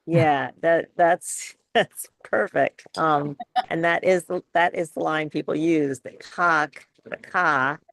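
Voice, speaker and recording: Hosting a live Q&A webinar on a video call, a woman who coaches speech talks haltingly, with lots of fillers and false starts. She has a deep voice and a steady tone, and there's no echo.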